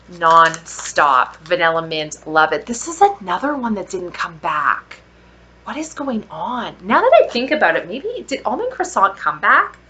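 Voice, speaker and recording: A woman reviews products in an unhurried, gushing vlog voice with a bright, forceful tone. She stretches out her exclamations and sometimes drops into soft whispered asides. There is a faint hiss behind her. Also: lowish voice. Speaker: vlogger.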